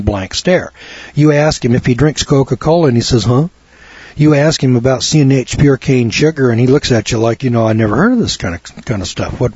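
A man's voice: mid-range voice, a little mellow, breathy edge, dry recording. A man giving a rambling, folksy health talk to an audience, acting out quoted dialogue as he goes. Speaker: health lecturer. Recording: dull lo-fi sound.

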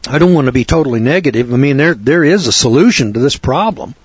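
A man preaching a sermon, sarcastic and fiery, dropping to low asides and rising to loud outbursts. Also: lively intonation, quick pace, slightly rough, no echo. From United States. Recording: dry, dull lo-fi recording.

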